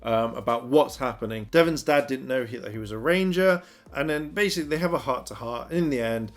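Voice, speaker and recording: A man's voice: mid-range voice, fairly quick. Just a guy rambling through an episode recap, chatty, kinda filler-heavy. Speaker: TV episode reviewer.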